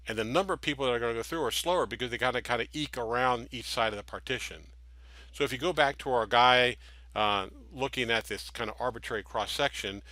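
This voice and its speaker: Male instructor, bright tone, dry close sound, patient explainer with analogies. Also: medium pitch, no room sound. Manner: explains patiently with everyday analogies, frequent restarts. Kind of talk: classroom lecture with slides.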